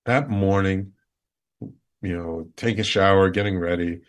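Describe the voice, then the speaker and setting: Male host, heartfelt storyteller, earnest, slightly low voice. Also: fairly even intonation, measured pace. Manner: earnest, heartfelt, repetitive emphasis. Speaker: show host. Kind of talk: personal storytelling.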